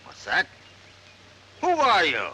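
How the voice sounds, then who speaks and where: A man's voice: high voice, huge pitch swings, takes it slowly, pushed and bright, slight background noise, heavily acted, poor audio. An older actor playing a stern, hot-tempered plantation-owning grandfather in a 1930s film, barking his words. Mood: gruff scolding. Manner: gruff, barking. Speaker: estranged grandfather.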